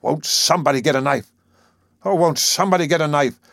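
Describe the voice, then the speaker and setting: A man's voice: medium pitch, steady tone, quick pace, gravelly, breathy edge, no room sound, clean studio sound, exaggerated voice. A man doing a frantic, desperate sailor. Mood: pleading. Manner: frantic, raised, urgent shouting. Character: desperate pleading male sailor in a brawl.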